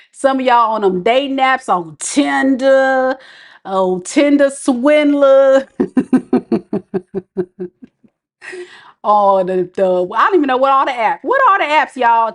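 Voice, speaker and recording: A woman with a fairly high voice gives a casual tarot reading straight to her viewers. She is chatty and playful and keeps cracking herself up with laughter. Her delivery stays loose and conversational. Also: a bit bright. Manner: chatty, addresses viewers directly. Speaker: tarot reader.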